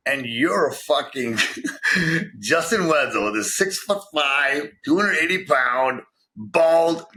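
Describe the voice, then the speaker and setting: A man's voice: medium pitch, pushed and bright. A man from Vancouver, a podcast guest, telling his story in casual chat and swearing constantly. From Vancouver, Canada.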